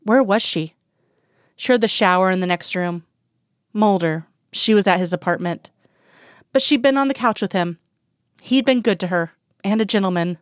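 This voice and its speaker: A woman reading romance fiction aloud in a steady, even narration, in a dry, close recording. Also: mid-range voice, clear, resonant tone, no echo. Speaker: reader.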